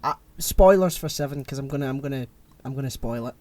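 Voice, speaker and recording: A man co-hosting a podcast, chatting casually and retelling a film plot in an animated, rambling way. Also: mid-range voice, fast talker. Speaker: podcast co-host. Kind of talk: casual chat.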